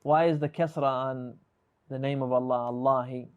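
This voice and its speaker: A man's voice: mid-range voice, steady tone, normal speed, clean tone, narrow, tinny audio. A man teaching an Arabic class over a video call, patiently questioning and correcting his students and mixing English with Arabic grammar terms.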